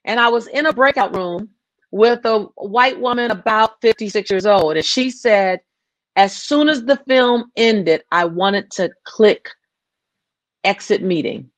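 A woman's voice: medium pitch, measured pace, no echo. A woman filmmaker talking passionately in an interview, often restarting and repeating her phrases. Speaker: filmmaker guest. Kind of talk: interview conversation.

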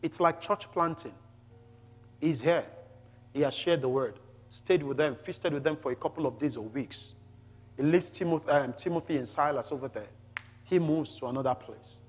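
A man preaching a Bible teaching sermon, reading scripture aloud with rising emphasis and pausing to explain it, often saying hallelujah. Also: a little high, big-room sound, faint music behind. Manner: peppers talk with "glory to Jesus" and "hallelujah".

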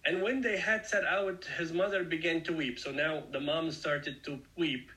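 Guy preaching a bible study, kinda high voice, earnest, explains stuff, talks right to you. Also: fairly even intonation, moderate pace, pushed and bright, low-quality recording. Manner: earnest, explanatory, addresses listeners directly. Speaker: Bible teacher. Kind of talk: conversational Bible study sermon.

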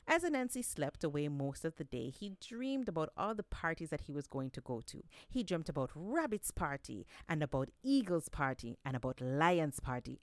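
Storyteller: woman, low-ish voice with lots of melody, dry close sound. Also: dry recording. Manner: expressive, lively read-aloud. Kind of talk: storytelling narration.

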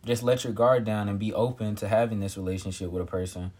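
A young man who is a guest on a casual podcast, speaking in a low-key, hesitant way and often clearing his throat. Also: fairly even intonation, fast, a little mellow. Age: young adult.

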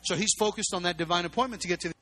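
A pastor preaching a sermon, emphatic and repetitive, full of rhetorical questions. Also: male voice, high voice, noisy background.

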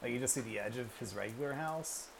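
A man's voice: mid-range voice, quick pace, gravelly, background noise. A man hosting a casual podcast chat, steering the talk and putting questions to his co-hosts. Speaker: podcast host.

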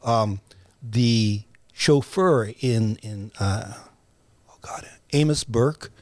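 Halting older man, dry close mic. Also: on the low side, darkish tone, no room sound. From United States. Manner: halting, many restarts and fillers. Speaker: guest, writer and actor. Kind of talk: reflective interview conversation.

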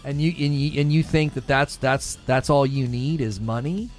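A man's voice: normal speed, a little mellow, soft background music. A man delivering emphatic opinion commentary, repeating and restarting his points and getting more heated as he argues. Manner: grows more heated and rises in pitch as he argues.

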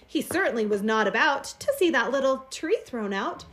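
Brief: bright high female storyteller, lively sing-song read-aloud of a rhyming kids' book. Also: normal speed. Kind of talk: reading a children's picture book aloud.

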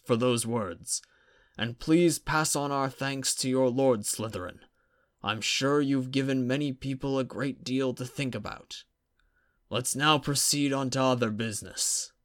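A man voicing an older male council chairman who speaks in a formal, measured manner in an audiobook. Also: medium pitch, a bit bright, voice pushed up, lightly acted. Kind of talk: audiobook character voice.

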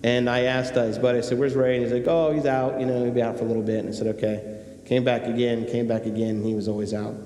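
A man's voice: mid-range voice, little pitch movement, fast talker, dark tone. A man preaching a sermon as pastor, telling a personal story and then acting out the characters before urging his church emphatically. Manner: storytelling, acts out characters, rising to emphatic exhortation. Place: church sanctuary. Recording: echoey hall with faint hum.

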